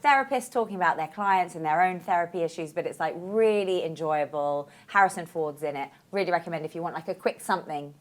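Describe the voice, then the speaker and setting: A woman hosting a podcast, playful and animated as she steers the conversation. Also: lowish voice, quick pace, hardly any pauses. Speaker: podcast host. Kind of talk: casual chat.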